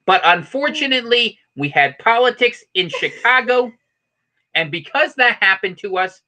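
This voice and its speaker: A man putting on the voice of an overexcited male local TV newscaster, delivering mock-serious news in a booming manner. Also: animated, moderate pace, bright, forceful tone, full character voice.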